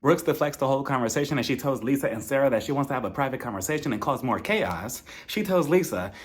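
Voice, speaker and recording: A man giving a sassy, mocking, animated casual review of a TV episode. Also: mid-range voice, fast. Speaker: TV show reviewer. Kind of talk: casual commentary.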